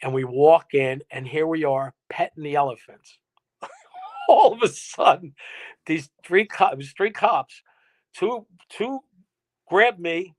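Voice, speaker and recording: A man's voice: a little high, huge pitch swings, slow pace. A man, a musician guest telling a rambling, laughing anecdote with some salty language. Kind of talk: casual interview storytelling. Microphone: remote live-stream guest.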